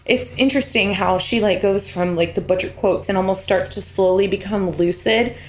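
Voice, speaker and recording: A woman's voice: mid-range voice, moderate pace, echoey room, poor audio. A woman co-hosting a casual podcast, talking about a TV episode in an effusive way and saying "like" a lot. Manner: effusive, heavy use of "like". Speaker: podcast co-host. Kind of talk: casual TV recap chat.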